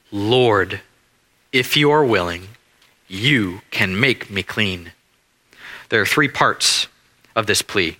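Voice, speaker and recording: Emphatic preacher man, lively and bright. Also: medium pitch. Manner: emphatic, repeats phrases, slows on key words. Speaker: pastor. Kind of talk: expository sermon.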